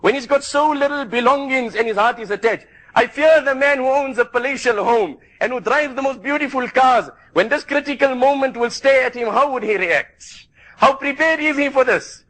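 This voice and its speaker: A man's voice: extremely high pitch, normal speed, a bit bright, rough recording. A man preaching a sermon to a gathering, fervent and emphatic. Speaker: Islamic preacher.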